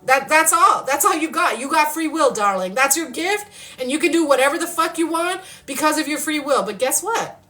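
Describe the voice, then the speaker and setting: A woman's voice: high voice, animated, normal speed, sharp tone. A woman giving card-reading spiritual guidance live, emphatic and outspoken, leading affirmations and swearing freely. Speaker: spiritual channel and card reader.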